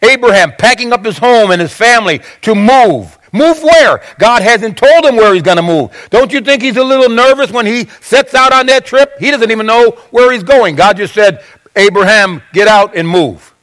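A man's voice: very high-pitched, a little fast, few pauses, a bit bright. A male pastor preaching a sermon, acting out Bible quotes with frequent restarts.

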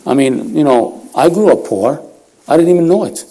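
With a fairly high, mellow voice, animated and at a normal speed, a man in his fifties prays and then tells stories about himself in church. He's a lay preacher of Puerto Rican heritage, folksy and self-deprecating, who laughs a lot as he speaks.

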